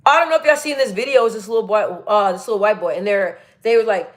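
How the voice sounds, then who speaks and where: A woman's voice: medium pitch, fast talker. Chatty young woman livestreaming. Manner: chatty, laughs often, reads comments aloud. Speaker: livestream host. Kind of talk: casual livestream chat reading comments.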